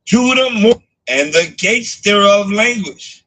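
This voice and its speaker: A man reading scripture aloud to a group in a slow, measured cadence. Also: high-pitched, expressive, fairly bright tone, poor audio. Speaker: scripture reader.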